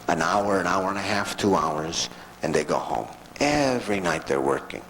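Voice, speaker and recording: A man giving a storytelling lecture to an audience in a folksy, animated way with frequent asides. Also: low-pitched, normal speed, vocal fry, a little hiss or hum, poor audio.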